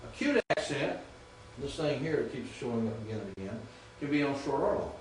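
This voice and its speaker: A man's voice: mid-range voice, big pitch swings, fairly quick, recorded from a distance, a little hiss or hum. A man teaching a classroom lecture, patient and often checking that students understand. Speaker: Greek teacher. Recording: echoey room recorded from afar.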